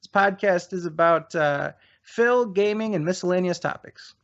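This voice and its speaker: A man's voice: high voice, moderate pace. A man hosting a podcast, needling and mocking his guest in a heated debate, often restarting his sentences. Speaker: podcast host. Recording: dull lo-fi podcast audio.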